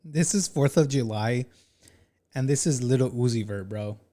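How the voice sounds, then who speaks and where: A man hosting a casual reaction commentary, animated and talking straight to his chat. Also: medium pitch, measured pace. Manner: animated, talks to chat, says "bro" often. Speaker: commentary channel host.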